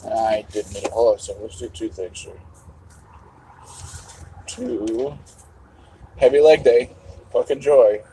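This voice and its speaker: A husky-voiced man rambles loosely to his live chat between bites, cursing offhandedly. His voice sits at an ordinary middle pitch, with a breathy, slightly rough edge. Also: steady tone, a little slow, long pauses, warm tone, poor audio. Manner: rambling, swears casually, talks to chat while eating. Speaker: livestream host.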